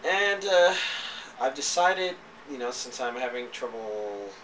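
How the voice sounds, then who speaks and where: A man's voice: mid-range voice, animated, slow, a bit bright, far from the mic, slight background noise, rough recording. A man giving a casual, rambling spoken review, with hesitant speech full of fillers and restarts. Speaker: anime reviewer.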